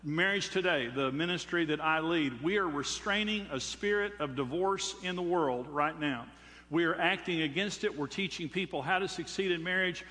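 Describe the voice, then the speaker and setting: An older man, preaching to his congregation in an emphatic, preacherly way that leans on rhetorical questions. His voice is bright and forceful and rides a little high. A long reverb of a large hall trails behind every phrase. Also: normal speed. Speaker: pastor. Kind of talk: sermon.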